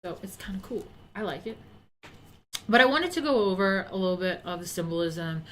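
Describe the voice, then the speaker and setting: A woman's voice: medium pitch, brisk, a bit bright, slight background noise. Breathless chatty woman streamer. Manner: rambling, chatty, reads viewer comments aloud. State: out of breath from pregnancy. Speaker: livestream host. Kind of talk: casual livestream chat.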